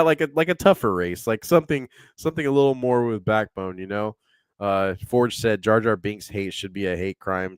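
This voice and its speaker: A young man co-hosts a casual podcast, rambling, laughing often and reading viewer comments aloud. His voice is low-pitched and smooth, with no room sound.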